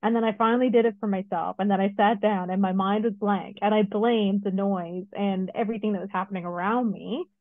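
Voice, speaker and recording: A middle-aged woman co-hosting a podcast, telling a personal story in a casual, lively way with many asides. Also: medium pitch, fairly quick, hardly any pauses, dry recording. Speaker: podcast co-host. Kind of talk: casual chat. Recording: dry, phone-like narrow sound.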